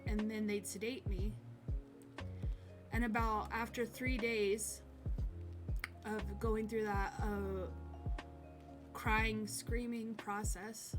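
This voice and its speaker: A woman streamer telling a personal story to camera in a halting, hesitant way, often pausing and restarting. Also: medium pitch, fairly even intonation. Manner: halting, hesitant, with many pauses and fillers. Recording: clear instrumental music in background.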